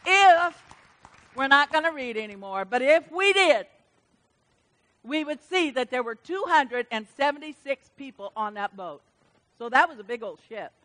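A woman pastor preaching a sermon at a church service, swinging from loud emphatic calls to soft, hushed lines. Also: high-pitched, lively intonation, moderate pace.

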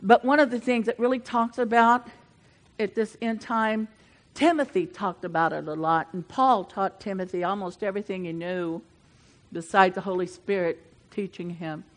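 A woman's voice: steady tone, normal speed. An older woman preaching a sermon, moving between fervent, building passages and chatty asides with the congregation. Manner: swells louder and higher when preaching, drops to chatty asides with the congregation.

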